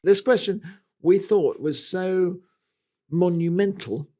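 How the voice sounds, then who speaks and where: A man's voice: high-pitched, slow, over loud music. A man with a British accent co-hosting a casual garden podcast, talking in a playful, rambling, self-mocking way. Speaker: co-host.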